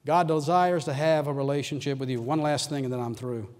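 A man preaching a sermon, telling a story in earnest and dropping to a soft hush as he prays. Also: medium pitch, steady tone, a little fast. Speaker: pastor. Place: large church hall. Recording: long hall reverb.

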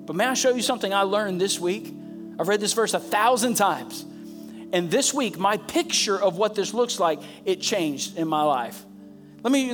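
Male pastor, high voice, fervent sermon delivery over clear background music. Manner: passionate, rising to emphatic peaks; repeats phrases for emphasis. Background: soft instrumental music.

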